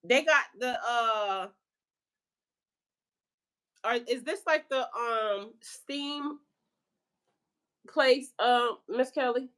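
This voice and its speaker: A woman with a slightly high voice chats with her livestream viewers, loose and playful. She talks in a relaxed, slangy way and breaks into laughter often as she answers comments. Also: extremely slow, pauses often. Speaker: spiritual life coach and channel host. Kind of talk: casual livestream chat with viewers.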